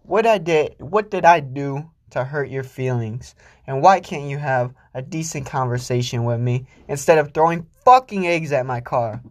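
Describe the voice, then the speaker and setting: A young man hosts a solo podcast, ranting crudely and rambling with lots of swearing. He swings between loud outbursts and low mutters.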